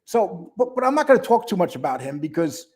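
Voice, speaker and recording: A man's voice: high-pitched, sing-song, fairly quick, darkish tone, husky. An older man hosting a casual livestream, greeting viewers by name and talking bluntly and mockingly. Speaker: livestream host.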